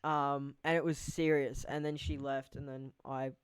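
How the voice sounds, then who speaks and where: A man's voice: mid-range voice, little pitch movement, a little slow, clear, resonant tone, no room sound, poor audio. A young man hosting a casual podcast, rambling loosely and swearing freely. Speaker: podcast host. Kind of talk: casual chat.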